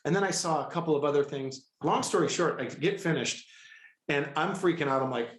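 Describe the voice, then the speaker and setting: A middle-aged man telling a personal story with excitable, animated energy, often breaking into quoted dialogue. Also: a little high, brisk, a little hiss or hum. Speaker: guest, healer. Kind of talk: storytelling in a conversational interview. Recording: echoey room.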